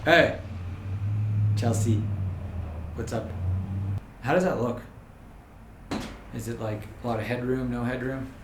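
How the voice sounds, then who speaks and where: A man's voice: medium pitch, slow pace, pauses often, noisy background. Easygoing man vlogging in a roomy space. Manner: easygoing, rambling, joking. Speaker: vlogger and videographer business owner. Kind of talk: casual vlog talk to camera. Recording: roomy with faint background ambience.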